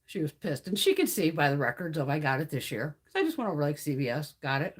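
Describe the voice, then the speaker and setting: Blunt, profane, animated woman. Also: low-pitched, fast talker, few pauses, husky. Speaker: beauty livestream host. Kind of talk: casual chat while reading live comments.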